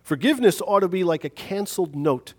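A man's voice: sits high, expressive, brisk. A man preaching a sermon on forgiveness in a conversational, self-deprecating way, telling a story on himself.

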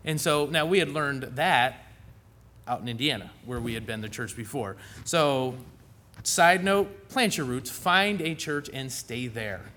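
A man's voice: medium pitch, lively intonation, a little slow, bright, forceful tone. A middle-aged man preaching a sermon in a church in a folksy, conversational way, with asides to the congregation.

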